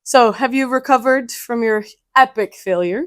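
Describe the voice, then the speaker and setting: A woman co-hosting a podcast, reading quiz questions slowly and deliberately between light laughs. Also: fairly high pitch. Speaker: podcast co-host, quiz reader.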